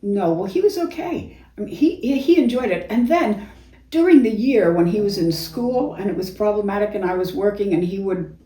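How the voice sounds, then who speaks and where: A woman's voice: mid-range voice, animated, moderate pace. Older woman telling stories in a roomy space. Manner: chatty storyteller, warm laughs through anecdotes. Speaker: actress and singer, guest. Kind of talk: casual interview, reminiscing. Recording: roomy, distant mic.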